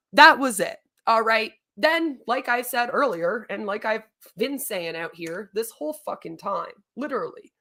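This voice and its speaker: A woman's voice: a little high, bright, forceful tone. A woman streamer ranting in a long, rambling monologue, exasperated and swearing often.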